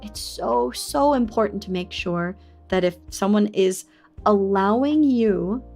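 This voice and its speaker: A young woman streamer telling a personal story to her chat in a candid, confiding way. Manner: candid and confiding, bursts into high excited squeals at chat. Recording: faint music behind.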